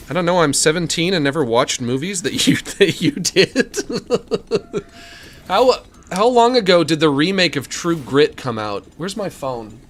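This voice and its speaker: A man's voice: on the high side, a bit bright. A man streaming a game live, rambling to himself and his chat in a casual style and slipping into mock-angry rants.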